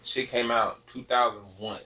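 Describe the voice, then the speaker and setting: A man co-hosting a podcast in casual chat, animated and laughing often. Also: mid-range voice, moderate pace, recorded from a distance. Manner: animated, laughing, breaks into shouted sing-along bits. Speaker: podcast co-host. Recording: dull lo-fi sound from off-mic.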